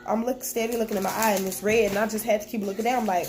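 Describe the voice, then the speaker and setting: A fast-talking young woman with a mid-range voice vlogs at home while children are nearby. She recounts a personal experience in a candid, plain-spoken way, quoting the conversation as it happened.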